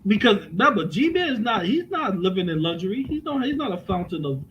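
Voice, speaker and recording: A middle-aged man, a podcast co-host, tells stories with animated energy and free swearing in a casual chat from home. His voice sits high and brisk, recorded indoors on cheap headphones with a mic, so the highs are cut off and there's a little hiss or hum.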